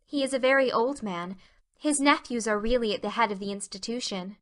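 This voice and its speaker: A woman voicing an earnest, affectionate young girl who talks in an eager, expressive way. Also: fairly high pitch, fairly quick, close to an everyday voice. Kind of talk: full-cast audiobook drama.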